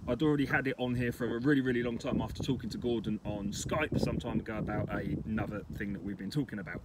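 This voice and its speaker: A man talking casually to camera while metal detecting outdoors, chatty and excitable about his finds. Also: on the low side, fast, background noise. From England. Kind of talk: casual vlog commentary. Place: outdoors in a wet field.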